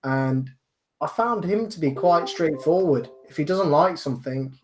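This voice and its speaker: A man from England giving his view in a casual panel chat, measured and hesitant with frequent ums. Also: a little high, faint music behind. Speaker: panel guest.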